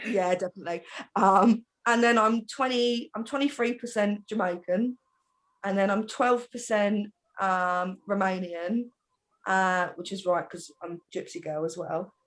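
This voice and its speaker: A middle-aged woman from Britain, chatting in a group and telling family stories in an animated way, laughing often. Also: mid-range voice, measured pace. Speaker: panel host. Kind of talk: casual group chat.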